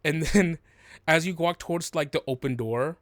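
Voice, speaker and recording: A man's voice: on the high side, moderate pace, no room sound, clean studio sound. A man narrating a tabletop game as game master, rambling with many fillers.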